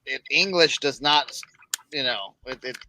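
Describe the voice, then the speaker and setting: A man chatting excitably on a panel of resellers, restarting and repeating words often. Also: medium pitch, measured pace, slight background noise. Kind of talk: casual group chat.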